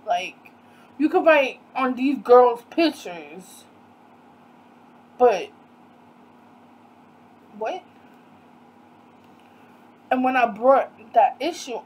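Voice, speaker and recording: A young woman telling a storytime vlog in a casual, animated way, acting out quoted dialogue with disbelief. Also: fairly high pitch, breathy edge, poor audio. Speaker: vlogger.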